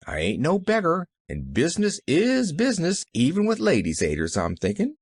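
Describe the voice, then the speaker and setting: A man's voice: on the high side, wildly swooping pitch, normal speed, breathy edge, no echo, voice pushed up, full character voice. A man doing a proud poor country boy. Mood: wistful. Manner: folksy dialect.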